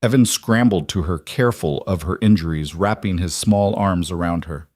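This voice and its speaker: A man narrating a scripted story in an even, measured way. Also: low-pitched, dry recording, clean studio sound.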